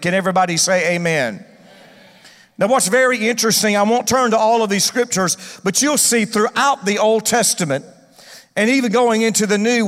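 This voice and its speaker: A male pastor preaches an emphatic sermon, calling out for responses from the congregation. His voice sits high and a bit bright, and the recording carries a long hall reverb.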